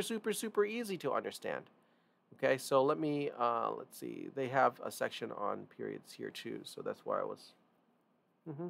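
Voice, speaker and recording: A man gives a casual online music theory lesson in a loose, informal way, repeating and stressing key points and often restarting his sentences. His medium-pitched voice is creaky with a fairly bright tone.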